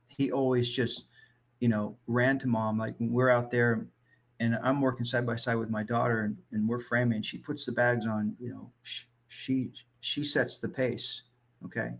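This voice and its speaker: Husky middle-aged man telling stories. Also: mid-range voice. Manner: animated, swings between loud and soft, restarts often. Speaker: guest. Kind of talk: casual storytelling.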